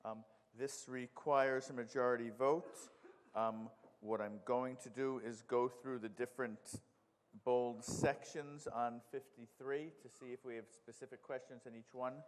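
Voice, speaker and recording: A male moderator of middle pitch chairs a town meeting, calling on speakers in a firm, procedural way. His voice carries through a large hall with a long reverb. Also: steady tone, clean tone. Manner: procedural, firm, slightly halting with fillers.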